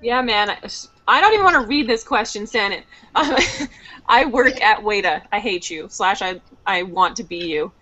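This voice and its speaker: A woman's voice: mid-range voice, lively intonation, normal speed, bright, forceful tone, soft background music. A woman with a Canadian accent hosting a casual video call, giggly as she reads viewer questions aloud. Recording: muffled video-call audio.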